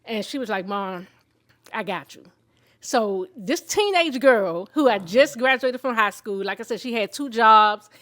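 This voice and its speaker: A woman in her fifties telling her own story of illness and faith, candid and emotional, in an expressive conversational way. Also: fairly high pitch, moderate pace, few pauses. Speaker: show host sharing her own story. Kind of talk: personal testimony in conversation.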